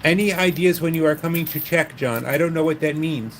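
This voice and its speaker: A man's voice: fairly high pitch, a little fast, background noise. A man hosting a livestream from a gaming club, chatting casually and joking with viewers. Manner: wry, joking with chat. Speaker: livestream host.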